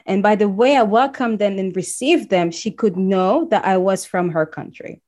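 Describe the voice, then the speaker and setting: A woman's voice: mid-range voice, moderate pace, a little mellow. A woman from Congo telling a personal story in casual conversation, acting out the voices of people she quotes.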